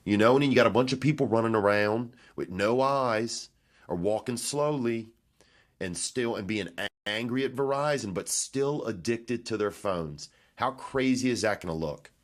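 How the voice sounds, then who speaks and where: A man's voice: mid-range voice, normal speed. A man hosting his podcast, telling loose, profane, offhand stories in a rambling comic monologue from a hotel room. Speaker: podcast host and comedian.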